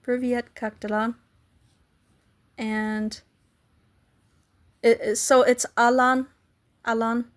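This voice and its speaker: A woman's voice: on the high side, little pitch movement, takes it slowly, long pauses. A woman live streaming, chatting casually with viewers and playfully trying to pronounce foreign greetings.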